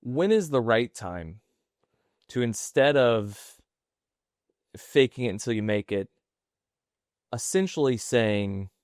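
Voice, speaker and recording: A man co-hosting a podcast in casual business chat, chatty and quick with short affirmations. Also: mid-range voice, animated, a little mellow, dry recording, clean studio sound. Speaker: podcast co-host.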